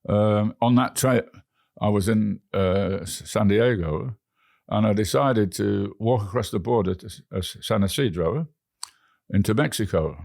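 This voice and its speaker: A man's voice: lowish voice, measured pace, gravelly, darkish tone, no echo, studio quality. A man with an English accent, a guest telling rambling travel stories in an interview, often restarting his words. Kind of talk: anecdotal storytelling.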